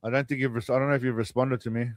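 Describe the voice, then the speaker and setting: A man's voice: mid-range voice, little pitch movement, racing, dry recording, studio quality. A man hosting a live stream, chatting loosely and rambling to his viewers. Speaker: streamer host. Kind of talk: casual live-stream chat.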